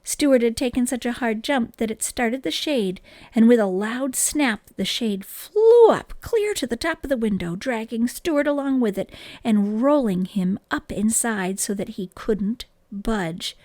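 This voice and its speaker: A woman reading a children's book aloud in an expressive, gentle storytelling manner, close to the microphone. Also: a little high, a little slow, no room sound.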